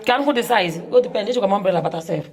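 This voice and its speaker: A woman's voice: mid-range voice, very fast, creaky, a crowd in the background. A young Nigerian woman vlogging a casual tour of a village house, talking with a Nigerian accent, mixing Igbo and English and exclaiming often.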